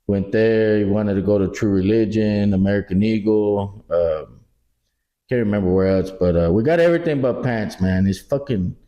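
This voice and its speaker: A middle-aged Texan man co-hosting a podcast, telling animated stories in casual chat, acting out quotes and swearing freely. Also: lowish voice, moderate pace, highs cut off. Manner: animated storyteller, acts out quotes, swears a lot. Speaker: podcast co-host.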